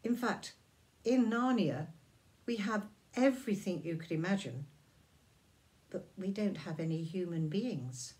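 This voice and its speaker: A woman's voice: on the low side, expressive, a little slow, long pauses, darkish tone. A woman voicing a nervous, stammering male faun in a storybook reading, talking in hesitant, flustered bursts. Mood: apologetic. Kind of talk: storybook read-aloud.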